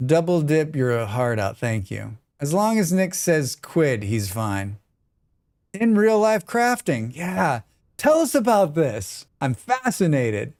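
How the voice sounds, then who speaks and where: An American man talks loosely and jokes with viewers as he plays through a live-streamed survival game. His voice sits a bit higher than most men's, and his pitch jumps up when he teases or puts on a bit. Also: big pitch swings, slow, a little mellow. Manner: joking, chatty, reads and answers chat. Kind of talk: casual live-stream chat while gaming.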